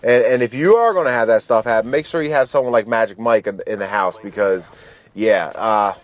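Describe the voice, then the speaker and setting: A little fast and lowish in voice, this man in his thirties hosts his channel, telling an easygoing story as he plays. He's slangy and foul-mouthed, frequently backing up to restart.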